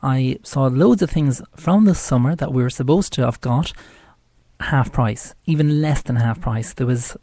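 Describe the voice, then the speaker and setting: A man's voice: medium pitch, measured pace, warm tone, dry recording. A man with an Irish accent hosting a live radio show, talking in a chatty, rambling way. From Ireland. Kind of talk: casual live radio talk.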